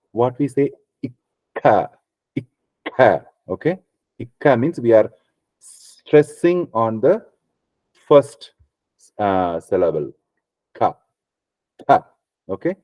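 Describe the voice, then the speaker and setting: A man's voice: medium pitch, big pitch swings, takes it slowly, pauses often, dark tone, dry recording. A man teaching a class on Sanskrit pronunciation, patiently repeating each sound and checking in with "okay" after almost every step.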